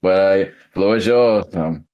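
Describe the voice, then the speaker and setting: A man's voice: low-pitched, unhurried, lo-fi sound. A man co-hosting a podcast in casual chat, blunt, profane and opinionated. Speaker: podcast co-host.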